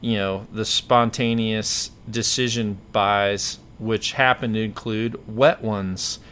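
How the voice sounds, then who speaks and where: A man's voice: on the low side, steady tone, slow pace, fairly bright tone, a little hiss or hum. A man hosting a podcast, telling a story in a rambling, self-correcting way. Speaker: podcast host. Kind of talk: casual storytelling chat.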